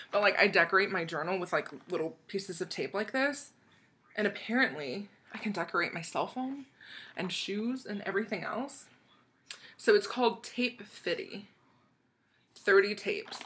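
Giggling frequently, a young vlogger from the United States gushes her way through opening a swap package in a relaxed, excited chat. She has a fairly bright, medium-pitched voice, heard over a little background noise.

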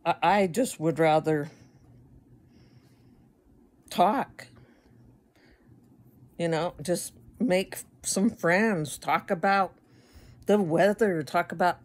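Middle-aged woman vlogger from the United States; slow, lowish, rambling and wry with stammered restarts. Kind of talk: casual chat to camera.

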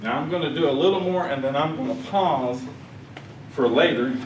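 A man gives an animated conference talk and slips into voices for the people he quotes. His voice sits high. The sound is roomy and echoey, picked up from a step back off the mic. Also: moderate pace, far from the mic, slight background noise. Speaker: conference speaker. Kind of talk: lecture. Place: conference hall. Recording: echoey hall, speaker off mic.

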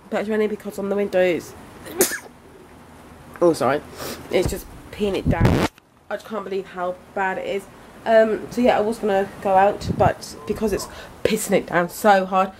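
A British woman in her twenties rambles cheerfully to her viewers in a casual home vlog, hopping from topic to topic. Her voice sits at an ordinary middle pitch, recorded on a handheld camera with a faint hiss underneath. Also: measured pace, pauses often. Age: 20s. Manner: chatty and rambling, addressing viewers directly. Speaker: vlogger. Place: at home indoors.

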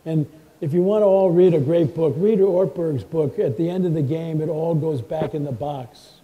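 A man speaking as a guest author in a live stage conversation, telling folksy anecdotes with lively quoted dialogue. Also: fairly high pitch, normal speed, husky, narrow, tinny audio.

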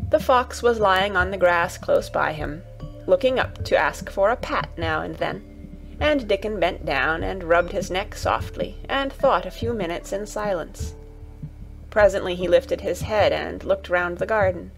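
A woman narrating a children's audiobook in a calm, measured reading. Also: lowish voice, gravelly, faint music behind, low-quality recording.

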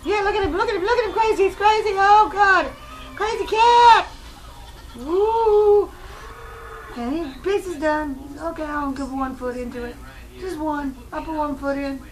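A woman voicing a feisty, cranky house cat in a squeaky, cussing voice for a home video. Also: unhurried, rough recording. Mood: giddy.

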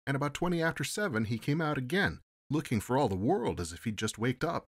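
A man's voice: lowish voice, expressive, normal speed, a bit bright. A man doing an eager, polite ship's steward. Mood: excited. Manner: polite, says sir often. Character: deferential male ship's steward, eager and talkative.

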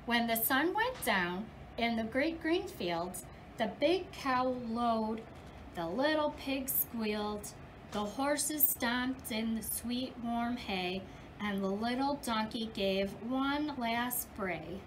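A woman preschool teacher reads a picture book aloud to young children, slowly and with care. Her voice sits high and swoops widely as she gives the lines an expressive storybook lilt, breaking into playful animal noises along the way. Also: background noise.

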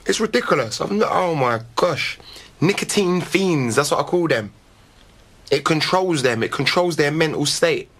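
A man's voice: fairly high pitch, expressive, normal speed, a bit bright. Cheeky, slangy young man. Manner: chatty and cheeky, loose slangy speech. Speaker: reality show contestant. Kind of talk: casual chat.

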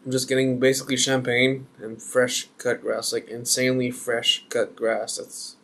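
A man's voice: medium pitch, little pitch movement, normal speed, creaky, fairly bright tone. A man reviewing a beer on camera, chatty and joking as he thinks aloud. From Canada.

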